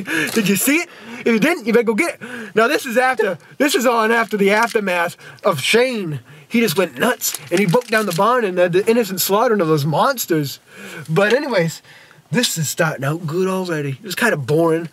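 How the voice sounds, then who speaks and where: A man's voice: high voice, fairly bright tone, a little hiss or hum. A man casually reviewing a TV episode for his fans. He refers to himself by a nickname in the third person, in a goofy, folksy way.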